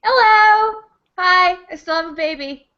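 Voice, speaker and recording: A woman co-hosting a book club on a video call, giggly and lively. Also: high voice, moderate pace. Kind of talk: casual video-call chat. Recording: dull lo-fi webcam call audio.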